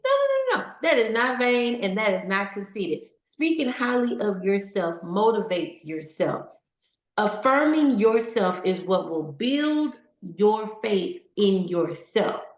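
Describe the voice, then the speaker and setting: A motivational speaker with a medium-pitched voice addresses a live audience in a conversational, encouraging way, asking lots of questions. The sound is reverberant.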